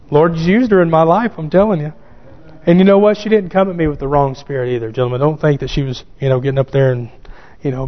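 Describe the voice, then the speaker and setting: A male pastor preaching a sermon, building to emphatic calls and reading scripture aloud. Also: medium pitch. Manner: reads scripture aloud in King James wording. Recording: dull sound with long hall reverb.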